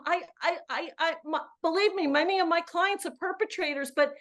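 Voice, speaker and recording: Effusive high-voiced woman caller. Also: fairly quick, few pauses, fairly bright tone. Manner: effusive, emphatic, repeats words. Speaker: caller on a live Q&A, coach. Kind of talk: live call-in chat.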